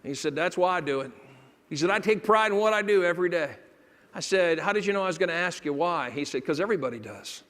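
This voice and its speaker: A man giving a motivational keynote, telling stories and acting out dialogue, dropping to a hush and then rising loud. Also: sits high, animated, quick pace. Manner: dramatic shifts between hushed and loud, acting out dialogue. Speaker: motivational speaker. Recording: long hall reverb.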